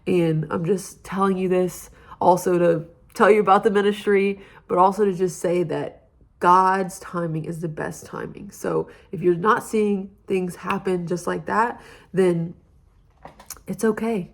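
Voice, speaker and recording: A woman's voice: fairly low pitch, steady tone, a little slow. A young woman giving an earnest, heartfelt personal testimony about her campus ministry.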